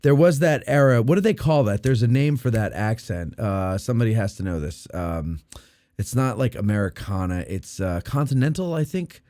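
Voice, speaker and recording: Mellow easygoing male host. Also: on the low side, expressive, no echo. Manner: easygoing, affirming, quick interjections. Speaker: radio show host. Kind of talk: casual chat.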